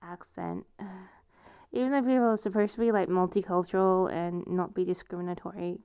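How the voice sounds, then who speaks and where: A woman's voice: on the low side, fairly even intonation, moderate pace, dark tone, clean tone, no echo, clean studio sound. A woman with a noticeable accent talking casually to camera, rambling and self-deprecating, laughing often as she goes. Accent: noticeable non-standard accent. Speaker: vlogger. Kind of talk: casual personal monologue.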